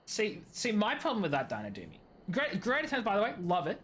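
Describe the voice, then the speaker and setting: A woman streaming a game, chatting in an animated, rambling way with lots of tangents and giggling. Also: medium pitch, brisk, slight background noise. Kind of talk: gaming stream commentary.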